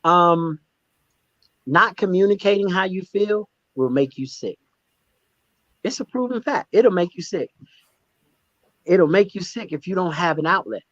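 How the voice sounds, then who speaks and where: A man in an interview, telling his stories candidly in an emphatic, animated way. His voice sits a little high, and he often repeats himself as he restarts a thought. The sound is dry and somewhat muffled. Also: a little slow, long pauses, no echo. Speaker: stand-up comedian and guest. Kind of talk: candid conversational storytelling.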